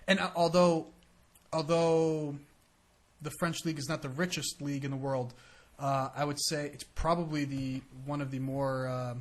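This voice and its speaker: An American man co-hosting a casual podcast chat, rambling and acting out quotes in silly voices. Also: fairly high pitch. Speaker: podcast co-host.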